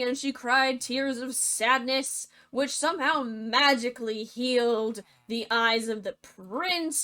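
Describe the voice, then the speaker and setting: A woman's voice: fairly high pitch, a little slow, few pauses, bright, forceful tone. A woman retelling a fairy tale as comedy, with sarcastic, jokey asides in a bubbly manner. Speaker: narrator.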